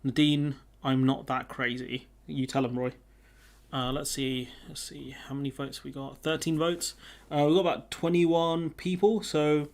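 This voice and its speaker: A man's voice: a little high, fairly even intonation, unhurried, gravelly. A man hosting a casual live stream, chatting with viewers and reading their comments aloud. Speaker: livestream host.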